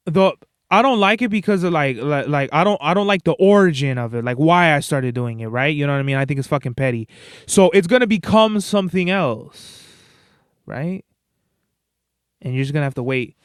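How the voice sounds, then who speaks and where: A man's voice: sits high, clean tone, no echo. Slangy, profane man, dry close sound. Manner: profane, slangy, rambling storytelling. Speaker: podcast host and stage performer. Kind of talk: casual solo monologue.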